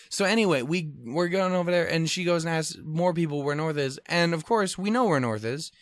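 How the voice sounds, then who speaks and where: A man's voice: on the high side, a little fast, few pauses, dry recording. A man hosting a podcast alone, telling a rambling, profane, self-deprecating travel story in casual chat. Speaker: podcast host. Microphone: podcast microphone.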